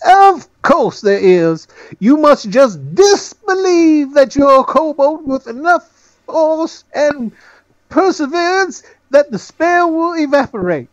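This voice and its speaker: A man doing a pompous little gnome wizard with a high, grand manner and a swooping voice. He makes every word a proclamation. The sound is dry and slightly dull. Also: animated, slow pace, no room sound, heavily acted. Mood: grandiose.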